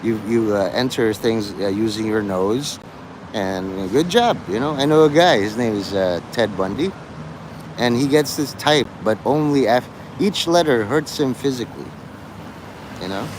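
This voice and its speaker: Man, live-streamer, rambling, dark deadpan jokes, outdoors, clear traffic noise behind. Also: mid-range voice, unhurried. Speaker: livestreamer talking to chat. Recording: street noise in the background.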